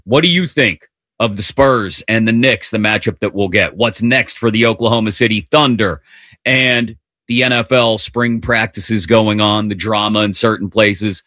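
A man hosting a live sports talk radio show, upbeat and playful, running quickly through the day's stories. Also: on the low side, bright, forceful tone, dry recording, studio quality. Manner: upbeat, playful, rapid-fire rundown. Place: radio studio. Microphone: studio broadcast mic.

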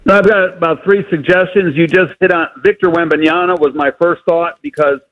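A man's voice: fairly high pitch, fairly even intonation, brisk. A man calling into a sports radio show, rambling through suggestions with many fillers. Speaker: caller. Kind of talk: radio call-in. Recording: dull phone-in line.

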